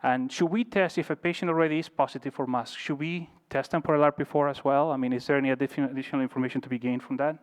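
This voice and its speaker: A man's voice: mid-range voice, fairly even intonation, fast, few pauses, clear, resonant tone. A man presenting at a medical conference in an informal way, often hedging his points. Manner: informal, hedges often with "I think". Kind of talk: conference lecture. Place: hotel conference room. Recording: reverberant conference hall.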